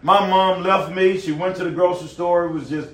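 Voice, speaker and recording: Animated high-voiced man preaching. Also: a little fast, far from the mic. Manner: animated, folksy, talks directly to the audience. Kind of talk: sermon. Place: nursing home room. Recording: echoey room, recorded from afar.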